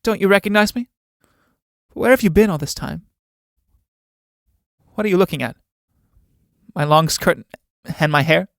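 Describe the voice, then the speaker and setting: A man's voice: high voice, measured pace, gravelly, long pauses, dry recording, clean studio sound, voice pushed up. Man voicing a fiery young woman. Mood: searching. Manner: urgent, questioning.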